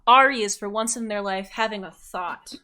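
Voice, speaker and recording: Bright-voiced woman game master. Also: medium pitch, normal speed. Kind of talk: narrating a tabletop game.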